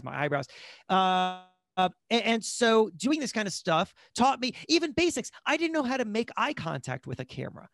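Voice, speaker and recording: Lively man talking casually, dry sound. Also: high-pitched, creaky, no room sound. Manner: animated storyteller, fast asides, frequent restarts. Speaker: guest, magazine editor-in-chief. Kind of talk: casual interview talk.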